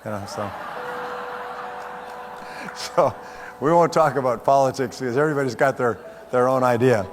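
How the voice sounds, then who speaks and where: A man's voice: mid-range voice, moderate pace, pauses often, noisy background. A man giving a live seminar talk as a motivational speaker, joking and getting the audience to repeat phrases after him. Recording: roomy hall reverb with faint music.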